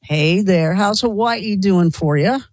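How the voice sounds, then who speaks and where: A man's voice: high-pitched, no echo, poor audio. A male radio call-in host with a slight Kentucky accent, chatting with callers in an enthusiastic, talkative way. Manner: chatty, enthusiastic, quick asides. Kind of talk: casual call-in radio chat.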